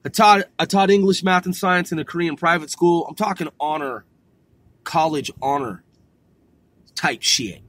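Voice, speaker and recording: A man podcasting, ranting angrily with lots of swearing and sudden loud outbursts. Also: a little high, moderate pace, dry recording. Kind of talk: profane rant.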